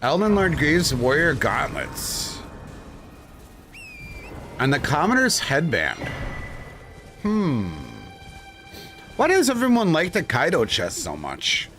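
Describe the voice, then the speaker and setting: A male streamer chats casually to his viewers in a fairly high voice that swings all over the place. He tells stories with heavy swearing and keeps laughing as he goes. Faint music plays underneath. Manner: animated, swearing storyteller who laughs often. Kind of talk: casual live-stream chat.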